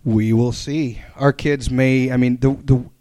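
Man, thirties, casual podcast co-host, deadpan jokes, dry close sound. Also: medium pitch, a little slow, no room sound. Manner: joking, deadpan teasing. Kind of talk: casual chat.

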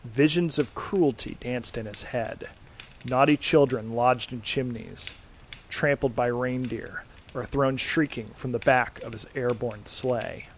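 A man narrating a scripted horror story in a dry, deadpan reading. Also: medium pitch, a little slow, a little hiss or hum. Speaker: podcast host and reader.

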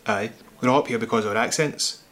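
An actor playing a deadpan Scottish barman. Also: mid-range voice, quick pace, lightly acted. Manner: deadpan, curt. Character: dry, blunt Scottish barman. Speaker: bartender.

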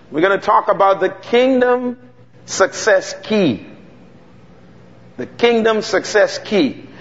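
A man preaching a sermon, telling stories with dramatic pauses and calling out to the congregation. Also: fairly high pitch. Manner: animated storytelling with dramatic pauses and call-and-response. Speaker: pastor. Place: church hall. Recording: dull sound with long hall reverb.

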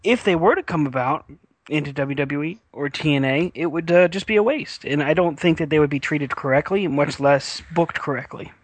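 A man's voice: a little high, normal speed, no room sound. A man hosting a wrestling podcast in casual chat, rambling with many fillers and restarts, and he has the hiccups.

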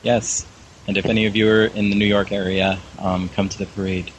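A man's voice: lowish voice, little pitch movement, a little fast, a little hiss or hum, rough recording. A man calling into a casual show, hesitant and self-deprecating, giggling between remarks. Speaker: caller. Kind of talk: casual call-in chat.

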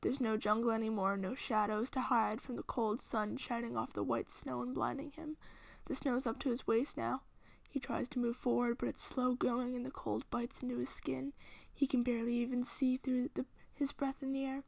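A woman reading fan fiction aloud in a steady, hushed storytelling voice. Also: on the high side, normal speed, creaky, dry recording. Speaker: reader.

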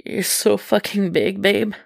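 A woman's voice: fairly low pitch, fairly even intonation, drawn-out words, darkish tone, no room sound, studio quality. A woman reading aloud voices a breathless, overwhelmed young man who speaks in gasping, broken phrases.

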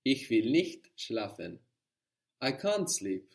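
A man's voice: mid-range voice, very animated, slow pace, vocal fry. A man teaching a language lesson, explaining patiently and encouraging his student.

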